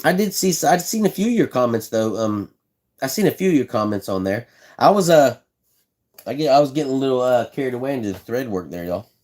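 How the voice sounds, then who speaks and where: With a medium-pitched, sing-song voice and a darkish tone, this man talks briskly while live-streaming a casual look at how he builds fishing rods. His style is easygoing and folksy; he repeats himself and chats back to viewers.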